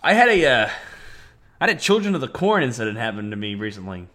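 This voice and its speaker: A young adult man co-hosting a casual podcast chat, rambling with lots of fillers and quick to laugh. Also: medium pitch, sing-song, fairly bright tone. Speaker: podcast co-host.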